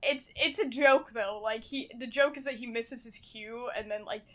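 A woman co-hosting a podcast in casual chat, bubbly and quick to laugh. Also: on the high side, fairly bright tone. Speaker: podcast co-host.

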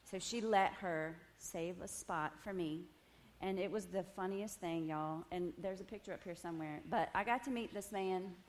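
Woman, testimony talk, animated storytelling, lowish voice, faint room hum. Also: moderate pace. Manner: animated storytelling with laughs and "y'all". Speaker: women's ministry speaker. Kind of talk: personal testimony talk to a group. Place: meeting room with tables.

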